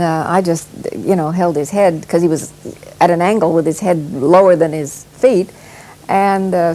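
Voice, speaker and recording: Older woman haltingly recalling an accident. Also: lowish voice, rough recording. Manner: halting, many fillers, gentle. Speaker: interviewee, actress. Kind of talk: storytelling interview.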